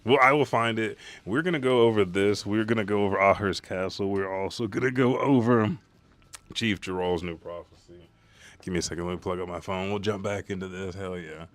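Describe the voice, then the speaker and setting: A man hosting a live comic reaction stream, talking in a rambling, profane, excitable way. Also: deep voice, a little fast, no echo.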